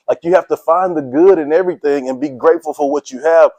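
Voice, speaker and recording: Energetic middle-aged man giving a pep talk. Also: on the high side, fairly quick, gravelly, hardly any pauses, no room sound. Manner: energetic, casual slang, quizzes listeners, laughs often. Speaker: motivational speaker. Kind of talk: motivational talk to a sports team.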